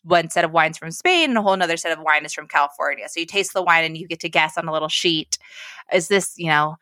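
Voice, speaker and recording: A woman's voice: deep voice, lively intonation, quick pace, sharp tone, no room sound, studio quality. A woman talking as a guest on a podcast, upbeat and chatty, with frequent filler sounds. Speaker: events director, podcast guest. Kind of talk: casual podcast conversation.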